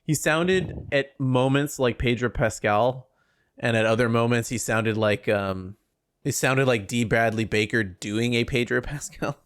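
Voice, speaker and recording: A man co-hosting a podcast, talking in a loose, rambling way with restarts and animated asides. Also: medium pitch, measured pace, clean tone, no echo, studio quality. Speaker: podcast co-host. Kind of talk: casual chat.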